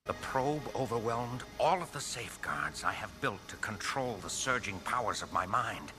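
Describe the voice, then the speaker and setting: An actor playing a stern older male psychic mentor in a cartoon, speaking gravely and deliberately. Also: fairly low pitch, animated, close to an everyday voice. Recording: clip with music beneath.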